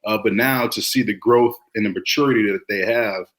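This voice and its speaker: A man who coaches high school football, talking in a relaxed, reflective way with many fillers on a sports podcast. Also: a little fast. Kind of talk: casual sports talk.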